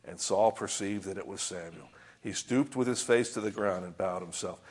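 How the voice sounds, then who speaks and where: A man preaching a sermon with a husky, slightly breathy voice. He talks through scripture in a conversational way. He keeps checking in with his listeners through rhetorical questions. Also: low voice, moderate pace. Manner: reads scripture aloud and comments on it.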